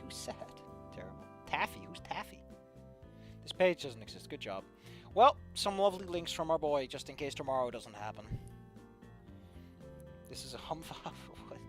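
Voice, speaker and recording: A tired man reading fan fiction aloud into a desk microphone, ranting and swearing, sliding from low tired mumbles to loud yelling. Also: animated, moderate pace, pauses often, soft background music. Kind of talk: casual live reading and commentary.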